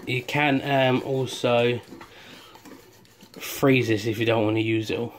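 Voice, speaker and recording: A man's voice: medium pitch, steady tone, slow, pauses often, slight background noise. A man chatting casually through a home cooking vlog, with lots of ums and restarts. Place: home kitchen.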